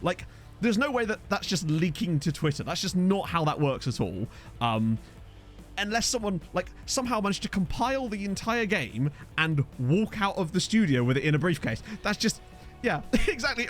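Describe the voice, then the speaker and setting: A man's voice: high voice, normal speed, soft background music. A young man live-streaming a game, chatting casually, joking and reading out chat messages. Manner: lively, jokey, chatty, reads chat aloud. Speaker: streamer and host.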